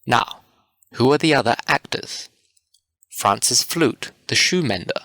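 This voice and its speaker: Man voicing a patient carpenter casting a play, calm and orderly, slow, dry close sound. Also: mid-range voice, no room sound, exaggerated voice. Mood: organizing.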